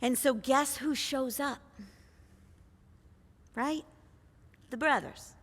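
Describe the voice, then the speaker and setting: A woman's voice: high-pitched, very slow, in a large hall. A woman preacher retelling a scripture story in a conversational sermon, full of rhetorical questions. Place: church.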